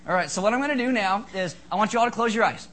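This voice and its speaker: A man preaching to a congregation in a lively, joking way, telling a ghost tale before his sermon. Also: high voice, very fast. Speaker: pastor. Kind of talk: sermon with a told ghost story. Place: church hall with a congregation.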